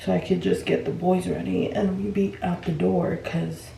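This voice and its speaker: A woman's voice: fairly low pitch, flat delivery, moderate pace, creaky, mellow, a little hiss or hum, low-quality recording. A woman in her thirties, a mother, chatting casually to camera in a vlog and sometimes a little out of breath. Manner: chatty, talks straight to camera. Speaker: vlogger.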